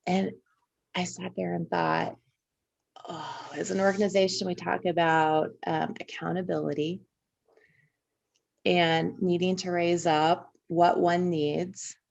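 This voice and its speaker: A woman's voice: on the low side, little pitch movement, slow pace, creaky, darkish tone, dull audio. A woman from Indiana, co-hosting a podcast, reflecting in casual conversation and telling personal stories at length. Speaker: podcast co-host.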